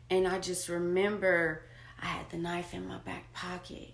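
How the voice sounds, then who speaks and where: A woman with a lowish voice recounts her own experience slowly and candidly. Her telling is raw, dropping to a hush and then rising sharply. She sounds like she is in an echoey room. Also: completely flat delivery, creaky. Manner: candid and raw, swings between hushed and loud. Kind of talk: personal storytelling monologue.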